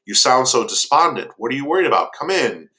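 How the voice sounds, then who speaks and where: A man voicing a kindly old blind man who welcomes a stranger, speaking gently and hospitably. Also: mid-range voice, sing-song, a little fast, voice pushed up, poor audio. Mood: welcoming.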